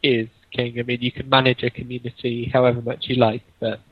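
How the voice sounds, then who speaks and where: A man co-hosting a casual podcast chat, thinking aloud in halting phrases. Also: medium pitch, flat delivery, no room sound. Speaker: podcast co-host. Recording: dull, dry lo-fi mic.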